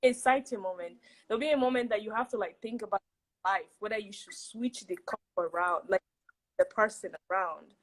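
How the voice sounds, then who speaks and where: A woman chatting as a guest on a video call, animated and emphatic, often repeating herself for effect. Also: mid-range voice, a little fast, rough recording. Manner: animated, laughing, emphatic repetition. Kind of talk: casual chat on a video call.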